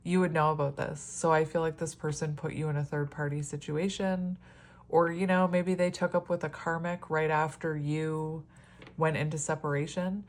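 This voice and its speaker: A woman's voice: low-pitched, little pitch movement, moderate pace. A woman in a casual solo tarot reading, chatty and rambling, often laughing and exclaiming at the cards. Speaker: tarot reader.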